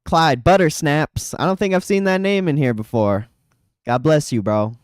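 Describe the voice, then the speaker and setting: A man's voice: fairly high pitch, normal speed, dry recording, clean studio sound. A man streaming live, chatting casually with his chat, laughing often and swearing freely. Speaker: livestreamer reading chat. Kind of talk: casual live chat about stock trading.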